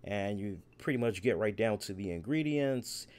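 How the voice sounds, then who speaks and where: A man hosting a live wrestling aftershow, talking in an animated, rambling way and repeating himself. He has had a beer and is hiccuping a little. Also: fairly low pitch, normal speed. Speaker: wrestling show host. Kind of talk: live solo aftershow review.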